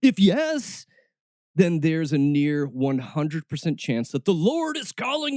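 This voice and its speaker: A man's voice: fairly high pitch, sing-song, slow pace, a little mellow, no echo, studio quality. A man hosting a podcast, reading a church job ad aloud with sarcastic commentary, mocking it and laughing at his own jokes. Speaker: podcast host.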